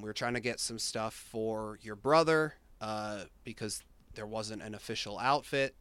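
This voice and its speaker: Smooth-voiced young man telling a story. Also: mid-range voice, no echo. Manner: animated, lots of fillers and restarts. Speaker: storyteller in a conversation. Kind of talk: casual chat, telling an anecdote.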